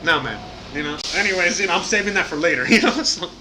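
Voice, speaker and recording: Over background noise, a man with a high voice talks fast and animatedly while hosting a live stream. He rants casually straight to his viewers, heated, outraged and profane, with plenty of fillers.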